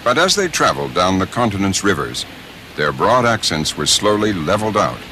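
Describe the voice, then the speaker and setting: A man giving measured, scripted documentary narration. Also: low voice, sing-song, bright, forceful tone, slight background noise.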